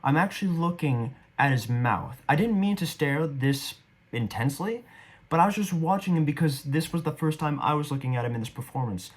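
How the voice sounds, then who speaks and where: A man's voice: a little high, animated, fairly quick, slightly rough. A young man giving casual, rambling commentary on his own stage performance, a bit self-deprecating. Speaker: actor reviewing his performance.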